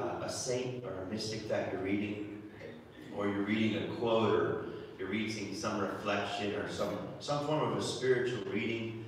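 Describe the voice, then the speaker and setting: A man's voice: on the low side, slight background noise. A man giving a homily, talking conversationally and often repeating words as he restarts. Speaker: preacher. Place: church. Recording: echoey church from far off.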